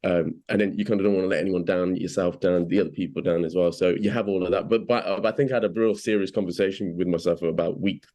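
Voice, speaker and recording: Interviewee: English man, very low voice, halting, casual. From England. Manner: hesitant, many restarts and fillers, animated when quoting. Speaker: actor being interviewed.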